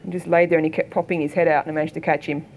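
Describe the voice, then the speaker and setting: A middle-aged Australian woman, a photographer giving a keynote talk, telling anecdotes in a lively way and acting out the voices of people in her stories. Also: sits low, racing, slight background noise. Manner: lively storytelling, acts out quoted voices. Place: lecture hall.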